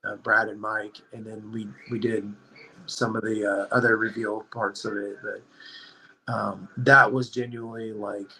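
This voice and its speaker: A man telling a story on a podcast, in a rambling, animated way, leaning hard on "like.". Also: on the low side, measured pace, vocal fry, low-quality recording. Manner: rambling, animated, heavy use of "like". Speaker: podcast guest. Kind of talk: casual storytelling chat.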